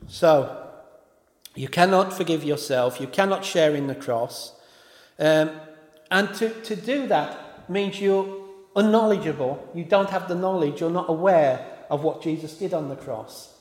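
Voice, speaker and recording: A man's voice: on the high side, unhurried. A man preaching a sermon in an informal way, often stopping to correct himself and apologise. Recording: echoey hall with long reverb.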